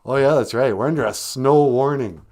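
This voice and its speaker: A man hosts a casual home live stream in a medium-pitched, darkish voice at a moderate pace. Joking and poking fun at himself, the podcast host teaches Ojibwe words as faint guitar music plays.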